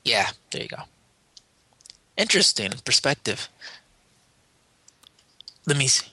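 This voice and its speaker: A man with a very bright, forward voice chats loosely on a gaming podcast, circling back and restarting his sentences. The sound is close and dry. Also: medium pitch, big pitch swings, slow, husky, dry recording. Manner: rambling, stumbles and restarts. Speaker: podcast co-host. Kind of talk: casual podcast chat.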